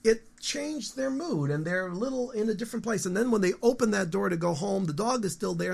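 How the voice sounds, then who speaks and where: A man in his fifties, a guest musician, talking casually in an interview in a rambling, animated storytelling way with frequent restarts. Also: high voice, brisk, vocal fry, few pauses, husky. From United States.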